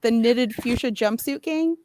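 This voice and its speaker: A woman's voice: on the high side, a little slow, heavy background noise. A woman co-hosting a casual livestream, rambling and correcting herself as she talks. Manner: rambling, self-correcting, giggly. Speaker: livestream co-host. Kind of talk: casual chat.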